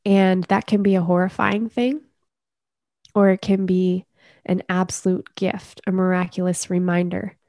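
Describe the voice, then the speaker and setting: A woman coach speaking as a podcast guest, earnest and measured as she talks about inner healing. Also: lowish voice, flat delivery, mellow, dry recording, studio quality. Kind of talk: reflective conversational interview.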